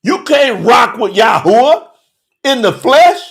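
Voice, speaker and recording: High-pitched, lively male preacher. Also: slow, gravelly. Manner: emphatic, preachy, rhetorical questions; casual slangy street talk. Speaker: Bible teacher and podcast host. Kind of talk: livestreamed Bible study sermon.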